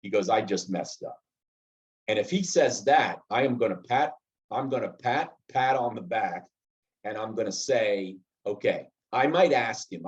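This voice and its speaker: A man's voice: medium pitch, a little mellow. Middle-aged guy teaching a leadership class, walks through examples step by step, acts out little bits of dialogue, kinda muffled lo-fi sound. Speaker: leadership trainer. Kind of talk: classroom lecture. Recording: slightly dull lo-fi sound.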